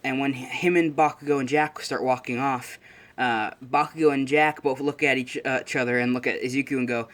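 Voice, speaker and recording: A man's voice: mid-range voice, steady tone, fairly quick, fairly bright tone. A young man casually recapping a fan story idea in a rambling way, full of fillers and self-corrections.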